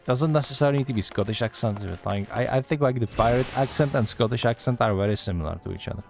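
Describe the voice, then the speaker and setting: A man's voice: mid-range voice, fast talker, vocal fry, a little mellow, faint music behind. A man livestreaming a game, chatting casually with joking asides to his viewers. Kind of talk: casual gaming livestream chat.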